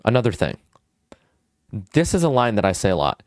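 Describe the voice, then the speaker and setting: A man's voice: low-pitched, lively intonation, brisk, a little mellow, no echo, studio quality. A young man vlogging casual social advice, goofy and full of swearing and fillers. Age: young adult.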